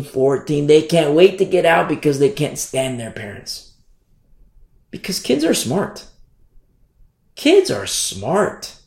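A man's voice: darkish tone, echoey room. A man preaching a sermon to young listeners, impassioned and repetitive. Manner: repetitive, impassioned, sweeping pitch swings.

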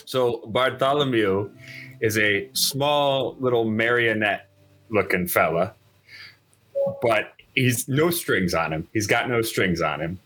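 A man taking part as a player in a tabletop game, talking in a playful, animated way. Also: on the low side, slow pace, faint music behind. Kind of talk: casual tabletop play.

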